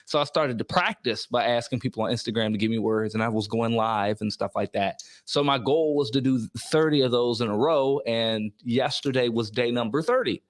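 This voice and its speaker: A man's voice: medium pitch, fairly quick, hardly any pauses, no room sound. Young comic guy on a podcast, easygoing and repeaty, super dry mic. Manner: loose, laughing often, repeats words. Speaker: guest comedian. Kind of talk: casual podcast chat.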